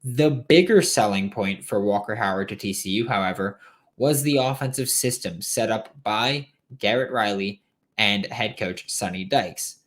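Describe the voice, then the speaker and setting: A man's voice: fairly low pitch, moderate pace. A man hosting a solo sports podcast late at night, tired but opinionated and emphatic, with rambling asides.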